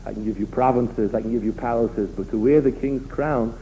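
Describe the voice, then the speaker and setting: A man playing a stern king who refuses a general's request, speaking in a firm, measured voice. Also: mid-range voice, dark tone, a little hiss or hum, pitched below the performer's own voice, natural voice. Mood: firm refusal. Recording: tinny phone-line recording.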